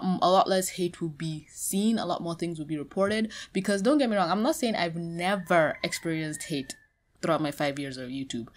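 Impassioned, profane woman YouTuber, lowish voice. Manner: impassioned, swings from quiet to heated outbursts; profane and blunt. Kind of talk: commentary vlog.

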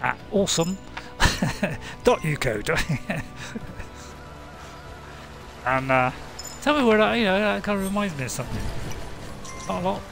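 A man narrates his game in a loose, jokey way, chatting to himself and cheering on his little units. His voice sits a bit high and bounces up and down a lot. Game music plays clearly behind him. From Britain. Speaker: gaming video host. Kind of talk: casual game commentary.

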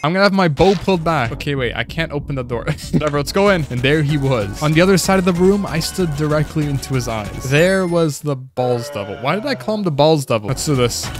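A young man giving excitable gameplay commentary and story narration, often exclaiming and laughing. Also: fairly high pitch, a little fast. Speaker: gaming YouTuber. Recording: game music playing behind the voice.

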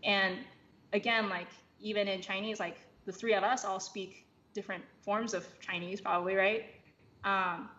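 A woman's voice: medium pitch, fairly even intonation, normal speed, bright, forceful tone. A woman guest on a podcast, explaining things in a casual, thoughtful way with many fillers and restarts. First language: English. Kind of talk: casual chat. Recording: slightly dull lo-fi audio with faint noise.

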